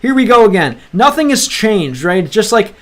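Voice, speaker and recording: High-voiced man chatting over gameplay. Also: sing-song, moderate pace. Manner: chatty, restarts often, reads game lines aloud and translates. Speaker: language-learning gaming creator. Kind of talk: casual gameplay commentary.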